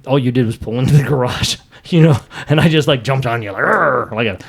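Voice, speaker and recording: Fast-talking man, lively storyteller. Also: medium pitch. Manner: animated storytelling, acts out his own lines. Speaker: podcast co-host. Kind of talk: casual chat.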